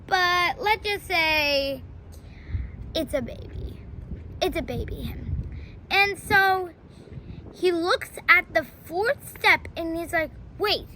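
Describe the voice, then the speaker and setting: A woman's voice: very high voice, slow, pauses often, bright, forceful tone, a little hiss or hum, low-quality recording. A woman casually retelling a storybook plot, chatty and rambling, with many fillers.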